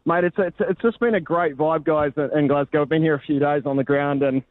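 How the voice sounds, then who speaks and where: A man's voice: a little high, steady tone, fairly quick, no room sound, phone-quality sound. A man reporting live in a matey, rambling way, often restarting his sentences. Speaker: sports reporter calling in. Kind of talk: casual live cross report.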